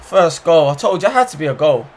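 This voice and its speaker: A young man commentating his own football video game match, slangy, muttering one moment and shouting the next. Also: on the high side, very animated, fast, slight background noise. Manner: slangy, swings from muttering to loud shouts at goals. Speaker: gaming YouTuber. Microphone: desk microphone.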